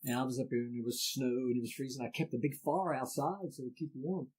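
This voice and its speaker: A middle-aged man with an Appalachian accent, a folk musician telling stories in a casual podcast chat, lively and doing voices for the people in them. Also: mid-range voice, fast talker, slightly rough, low-quality recording. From Appalachian Ohio. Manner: animated storyteller, does voices in quotes.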